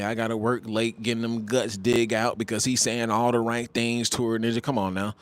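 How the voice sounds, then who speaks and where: A man's voice: mid-range voice, fairly bright tone. Blunt, slangy man in his twenties. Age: 20s. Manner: blunt, mocking, slangy banter with repeated phrases. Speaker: livestream host. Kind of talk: casual livestream commentary.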